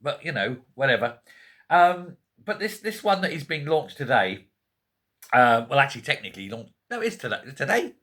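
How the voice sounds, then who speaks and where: A Scottish man in a quiet home, chatting casually to camera about politics with joking asides and frequent self-corrections. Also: mid-range voice, very animated, a little fast. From Scotland. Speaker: political vlogger. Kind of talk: casual rambling commentary to camera.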